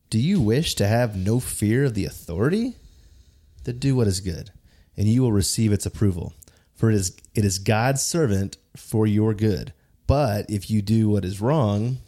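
Low, mellow man reading aloud playfully. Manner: playful, breaking off into jokey asides. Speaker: podcast discussion participant. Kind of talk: reading scripture aloud in a discussion.

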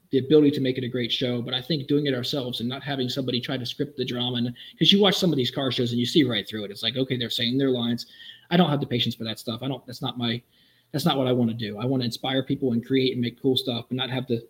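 A man who builds custom vehicles, telling animated, enthusiastic stories as a podcast guest. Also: mid-range voice, rough recording. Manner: animated, enthusiastic, quick storyteller. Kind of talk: casual storytelling in a podcast interview.

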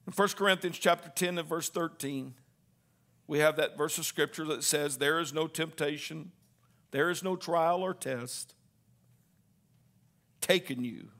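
A man preaching a sermon, calling on the congregation to answer back and rising into shouted lines. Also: fairly high pitch, measured pace, long pauses. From Southern Indiana.

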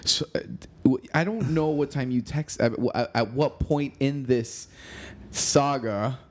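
A man's voice: medium pitch, measured pace. A man chatting casually as host, easygoing, swearing now and then and often saying "you know.". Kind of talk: casual chat.

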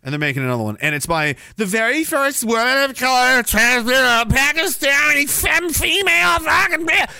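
A sarcastic man rants as a podcast host in a high, bright voice, flaring into shouts. The sound is dry and close to the mic. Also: lively intonation, moderate pace, creaky, hardly any pauses, clear, resonant tone, no echo. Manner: sarcastic, ranting, bursts into shouting. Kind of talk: ranting commentary.

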